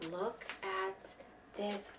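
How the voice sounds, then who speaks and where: A woman's voice: medium pitch, level tone, very slow, recorded from a distance, over loud music. A woman beauty vlogger gushing and exclaiming as she unboxes makeup, swearing casually as she goes. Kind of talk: excited unboxing chat.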